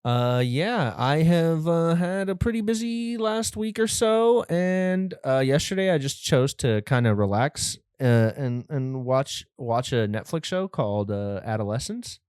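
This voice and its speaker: A man's voice: fairly high pitch, big pitch swings, a little slow, hardly any pauses, a little mellow, smooth, no echo, studio quality. A young man hosting a casual comedy podcast, rambling and a bit nervous, with lots of fillers. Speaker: podcast host.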